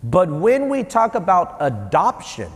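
A man in his thirties preaching a conversational sermon as a pastor, animated and joking between stories. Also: sits high. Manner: conversational, animated, quick asides and jokes. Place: church sanctuary. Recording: long hall reverb.

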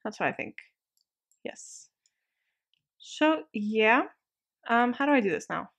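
A woman giving casual let's-play game commentary, chatty and excitable, quick to laugh. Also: fairly high pitch, vocal fry.

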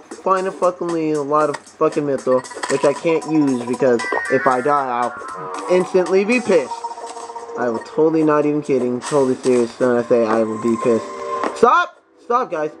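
A young man doing profane, excitable let's play commentary, talking back to the enemies on screen. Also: a little high. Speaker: gameplay commentator.

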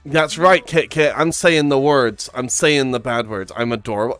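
A man's voice: medium pitch, normal speed, hardly any pauses, a bit bright, no room sound, soft background music. A male streamer chatting playfully, protesting and laughing a lot. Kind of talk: casual chat.

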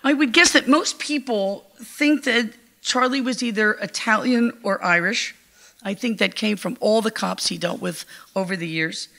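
An older woman giving a heartfelt, measured eulogy at a memorial gathering. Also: medium pitch, gravelly, a bit bright. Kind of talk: memorial tribute speech.

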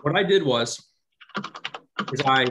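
A man walking a class through code in a live lecture. He speaks in a casual, conversational way and keeps pausing to make sure the students are following. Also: mid-range voice, animated, noisy background. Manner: conversational, often checks in with the class. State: has hiccups. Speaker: instructor.

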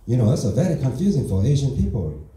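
A stand-up comedian playing a naive immigrant man who speaks broken English in deadpan one-liners. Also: medium pitch, quick pace, natural voice. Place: comedy club stage. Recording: echoey room from far off.

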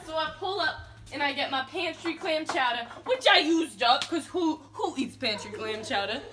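High, bright-voiced young woman telling a story. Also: moderate pace. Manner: animated storytelling with frequent laughter. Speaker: vlogger. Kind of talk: improvised comedy skit. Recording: echoey room, faint noise.

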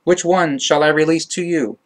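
Reluctant, exasperated Roman governor, read by a man; raised indignant questions, a touch higher than the narration. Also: steady tone, moderate pace, natural voice. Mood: questioning.

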